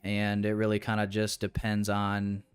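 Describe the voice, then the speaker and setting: A young man with a lowish, smooth voice talks his viewers through a live trading session at his desk mic. He rambles, restarts, and lets frustration show, calling the audience "boys." Faint music plays in the background. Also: monotone, normal speed. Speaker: day trader streaming live. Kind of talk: casual live-stream commentary.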